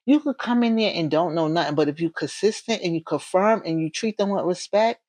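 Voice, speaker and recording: A woman in her forties with a Northern US accent, a correctional officer talking casually in an interview, bubbly and animated, acting out the voices in her stories. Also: on the low side, brisk, no room sound. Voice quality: bubbly, warm-hearted. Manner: animated, storytelling, acts out quoted voices.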